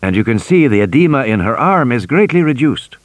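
A man voicing a formal, careful male doctor in an audiobook, speaking in a measured way. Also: mid-range voice, sing-song, dry recording, voice pushed up, close to an everyday voice.

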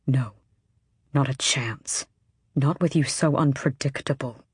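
A woman's voice: rumbling low, takes it slowly, husky, dry recording, studio quality, exaggerated voice. A woman voicing a stern young man who is blunt and accusing, with clipped, curt delivery. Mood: grim. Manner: curt, clipped, speaks through his teeth.

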